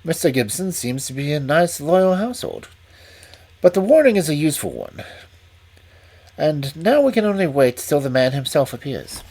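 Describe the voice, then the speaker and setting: A man reading aloud and voicing a calm, shrewd Victorian male detective who speaks in a dry, deliberate way. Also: a little high.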